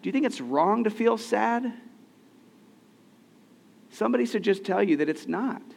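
Male pastor, thirties, slightly high voice, earnest conversational sermon, long hall reverb. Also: lively intonation, moderate pace, vocal fry. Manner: conversational, earnest, rhetorical questions.

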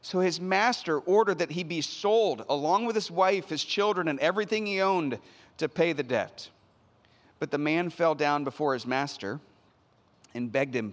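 High-voiced pastor preaching in a reverberant hall. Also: male voice, moderate pace. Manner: retells scripture in an animated, conversational way. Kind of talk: sermon.

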